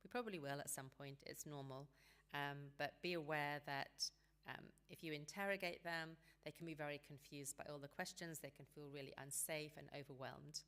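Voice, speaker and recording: A woman giving a seminar talk on parenting teenagers, calm and practical, sometimes acting out what parents and teens might say. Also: deep voice, moderate pace, smooth. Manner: calm, practical advice, acts out quoted dialogue.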